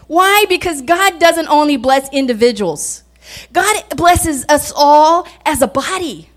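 A woman preaching a folksy sermon, telling stories and laughing often as she talks. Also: extremely high pitch. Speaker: guest speaker.

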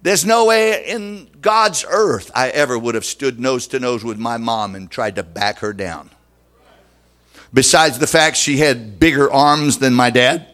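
A man preaching a sermon as pastor, emphatic and dramatic, speeding up and slowing down for effect. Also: medium pitch, a bit bright.

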